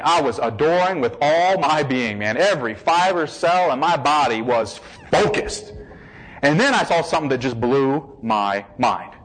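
A man giving an animated personal testimony, a husky, excitable storyteller who acts out the quotes and laughs often. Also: on the high side, poor audio.

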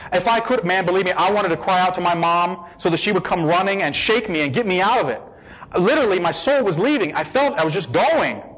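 A man giving an emotional personal testimony, shifting between hushed, slow passages and excited bursts. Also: high voice, slightly rough, poor audio.

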